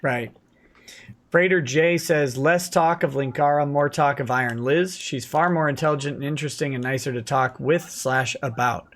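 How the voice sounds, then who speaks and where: A man in the middle of his pitch range hosts a late-night livestream. He reads viewer messages aloud in a casual way and answers each one with a short, dry quip. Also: moderate pace, fairly bright tone. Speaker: livestream host reading viewer comments.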